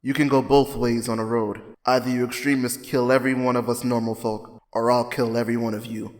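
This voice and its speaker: A man's voice: mid-range voice, level tone, fairly quick, voice pushed down, natural voice. A man voicing a bitter, defiant young woman fighter in a casual, slangy retelling.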